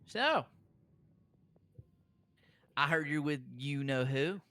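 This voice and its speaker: A man's voice: a little high, lively intonation, slow pace, pushed and bright, no echo, faint music behind, voice pushed up, exaggerated voice. A man doing a brash, cursing woman mechanic. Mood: suspicious. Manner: cursing, blunt, scornful. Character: brash gum-chewing woman mechanic, middle-aged, bitter.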